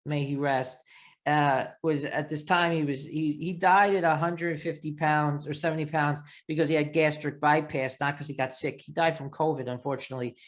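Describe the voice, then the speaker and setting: A man with a thick Long Island New York accent hosting a casual interview, telling stories in a rambling, animated way. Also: a little high, normal speed. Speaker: podcast host.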